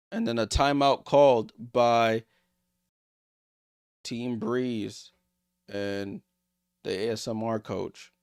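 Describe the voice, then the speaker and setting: A man streaming a basketball watchalong, calling plays in casual, excitable, joking commentary. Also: on the low side, clear, resonant tone, dry recording, clean studio sound. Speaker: streamer hosting a game watchalong. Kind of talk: casual live play-by-play commentary.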